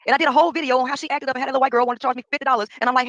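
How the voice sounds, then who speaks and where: A woman's voice: high-pitched, steady tone, rapid-fire, fairly bright tone, no echo, rough recording. A woman venting casually to her viewers in an exasperated, direct way. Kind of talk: casual rant.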